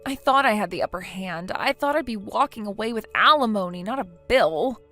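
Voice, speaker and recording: A woman's voice: mid-range voice, animated, brisk, fairly bright tone, soft background music. A synthetic woman's voice playing a naive, self-pitying young wife who pleads and hesitates in a text-message story. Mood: pleading. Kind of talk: text-to-speech text story narration.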